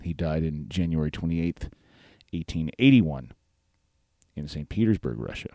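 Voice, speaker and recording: A man's voice: a bass voice, animated, normal speed, warm tone, no room sound. A man hosting a podcast in a casual, rambling way, with plenty of fillers and restarts. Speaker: podcast host. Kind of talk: casual talk-show chat.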